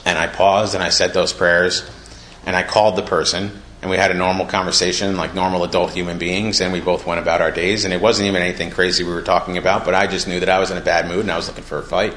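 Deep-voiced man sharing his story. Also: flat delivery, quick pace, fairly bright tone. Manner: casual, conversational, acts out quoted dialogue. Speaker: recovery meeting speaker. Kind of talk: personal testimony. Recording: echoey room with faint noise.

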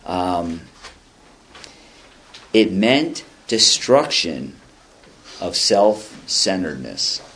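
A man in his fifties with a low voice shares at a recovery meeting. He talks in a loose, wandering way and mixes read-out passages with dry jokes at his own expense. A faint hum of room ambience sits behind him. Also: sing-song, drawn-out words, long pauses, a bit bright. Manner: rambling and conversational, with dry self-deprecating humor. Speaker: speaker sharing at a recovery meeting. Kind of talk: casual spoken share, reading passages aloud and commenting.

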